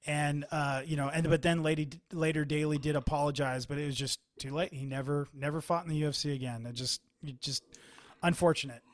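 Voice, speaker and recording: A man co-hosting a casual sports chat, talking in animated bursts with frequent restarts. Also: on the high side, fairly quick, no echo, studio quality. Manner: animated, quotes others, many restarts.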